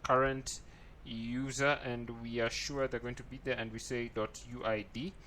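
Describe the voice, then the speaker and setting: A man's voice: mid-range voice, flat delivery, normal speed, bright, forceful tone, a little hiss or hum. A man teaching a coding tutorial, thinking aloud as he types and often checking in with "right?". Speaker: programming tutor. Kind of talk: screen-recorded coding tutorial.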